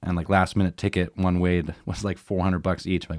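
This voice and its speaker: Very deep-voiced laid-back man. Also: level tone, fairly quick, a little mellow, dry recording, studio quality. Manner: laid-back, profane, chimes in with laughs. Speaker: podcast co-host. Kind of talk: casual storytelling chat.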